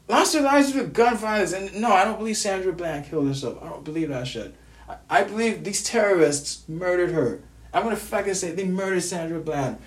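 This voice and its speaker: A vlogger in an angry personal rant, upset, stammering and repeating words, with heavy swearing. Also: medium pitch. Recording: roomy echo, distant from mic.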